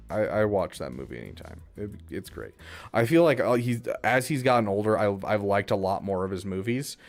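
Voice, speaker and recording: Man, low voice, casual live-stream chat, rambling and laughing, faint music behind. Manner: rambling, restarts sentences, laughs often.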